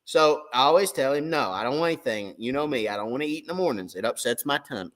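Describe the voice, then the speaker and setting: A man's voice: mid-range voice, lively intonation, quick pace, fairly bright tone. A man who hosts a fishing channel, telling a story on a live stream and acting out both sides of a conversation. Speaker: tournament crappie angler and channel host.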